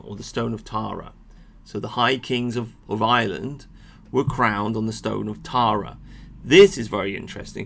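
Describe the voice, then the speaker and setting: A man giving an animated, sweary monologue to his viewers about history, with frequent asides. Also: mid-range voice, vocal fry. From England. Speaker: history vlogger. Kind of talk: ranting monologue to camera.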